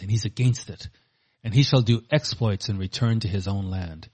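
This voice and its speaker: A man's voice: fairly low pitch, darkish tone, husky. A man preaching a sermon, reading scripture aloud with rising force between plainer commentary.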